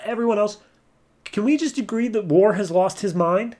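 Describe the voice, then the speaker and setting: A man voicing a flustered young leader god in a comic recap, coaxing and hurried. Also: high voice, a little mellow, voice pushed up, natural voice.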